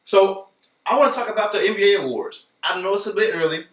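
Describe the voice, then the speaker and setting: A man hosting a casual sports podcast, talking in an animated, playful way and speaking straight to his listeners. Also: high-pitched, quick pace, distant mic. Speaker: podcast host. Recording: roomy echo, voice from off the mic.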